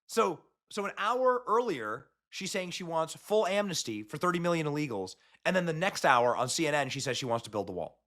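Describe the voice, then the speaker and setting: A man's voice: a little high, very animated, a little fast, few pauses, a bit bright. A man hosting a commentary show, ranting in a mocking, emphatic way. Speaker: host. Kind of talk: political commentary.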